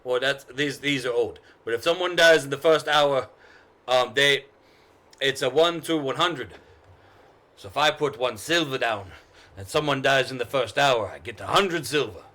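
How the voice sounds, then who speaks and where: A man's voice: medium pitch, normal speed, pushed and bright, natural voice. A man voicing a desperate, defensive old male gambler who stammers and pleads. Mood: explaining.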